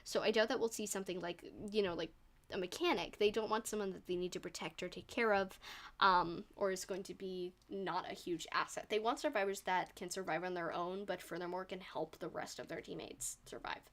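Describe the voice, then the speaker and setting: A woman's voice: fairly low pitch, steady tone, brisk, a bit bright. A young woman doing solo live commentary on an esports match, chatty and bubbly, often laughing at herself.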